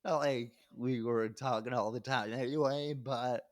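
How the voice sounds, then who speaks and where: Steady in tone and unhurried, this young adult man's medium-pitched voice comes with no room sound. He's a comedian guest on a podcast, loosely rambling through a story while swearing and laughing mid-sentence.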